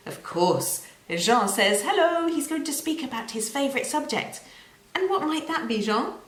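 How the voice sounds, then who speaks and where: A woman teaching a children's language lesson in a slow, clear and playful way, with repeated words and sound effects. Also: high-pitched, big pitch swings. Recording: roomy echo.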